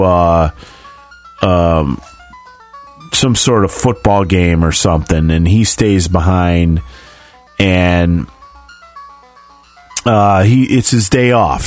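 A man co-hosting a podcast, recapping a movie in a relaxed, rambling way and laughing easily. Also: low-pitched. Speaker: podcast co-host. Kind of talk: casual chat and movie recap.

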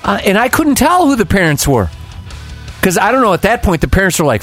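A man's voice: sits high, sing-song, brisk, fairly bright tone, faint music behind. A man hosting a podcast, telling stories in a casual, heated way, swearing freely and imitating people. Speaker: podcast host. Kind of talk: casual profane storytelling.

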